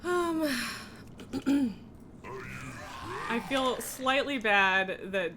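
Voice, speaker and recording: Woman streamer, unhurried, dry tickly throat, clear hiss of noise behind her. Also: high-pitched, animated. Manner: self-mocking, chatty, laughs often. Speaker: live streamer. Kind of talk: casual live-stream chat while gaming.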